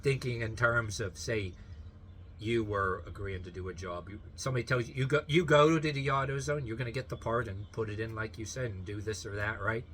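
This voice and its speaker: A man's voice: fairly low pitch, brisk, a bit bright, a little hiss or hum. A man telling a long story in a rambling, casual way, full of restarts and fillers, often holding back a laugh.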